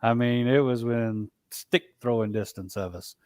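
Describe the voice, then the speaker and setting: A man's voice: medium pitch, darkish tone, dry recording. Man recounting an encounter, dry sound. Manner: halting, with frequent restarts and "you know". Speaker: guest, Bigfoot researcher. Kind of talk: storytelling in a casual interview.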